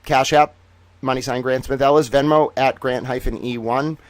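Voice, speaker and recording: An independent journalist hosts a news livestream, reading court documents with excitable, profane commentary that swings from loud outbursts to low muttering. For the big reveals he slows right down into a drawn-out, announcer-style delivery. There's no echo.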